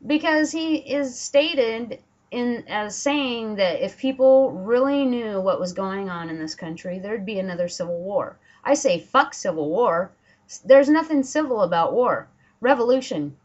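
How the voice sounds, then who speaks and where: A woman's voice: fairly high pitch, expressive, measured pace, darkish tone. Profane, indignant woman ranting on a lo-fi webcam. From Washington State. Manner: profane, indignant, sarcastic mock quotes. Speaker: political vlogger. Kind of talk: angry ranting monologue. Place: home, dogs barking nearby.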